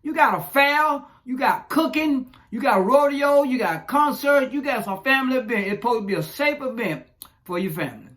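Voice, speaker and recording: Bright-toned man ranting profanely. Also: very high-pitched, expressive, moderate pace. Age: 40s. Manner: profane, chuckling, rambling rant. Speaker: social media commentator. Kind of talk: casual ranting commentary.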